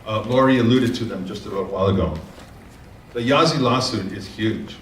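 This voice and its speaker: A man's voice: on the low side, fairly quick, fairly bright tone, slight background noise. A man speaking to a conference audience, using fillers and restarting phrases as he tells a story. He sounds far from the mic in an echoing room. A faint murmur of ambience sits underneath. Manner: folksy, repeats words and uses fillers. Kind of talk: keynote talk with storytelling.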